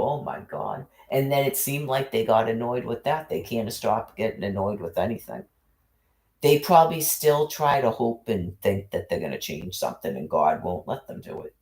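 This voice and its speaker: A man ranting into his livestream in an agitated monologue, cursing heavily and repeating himself as he piles up accusations. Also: on the low side.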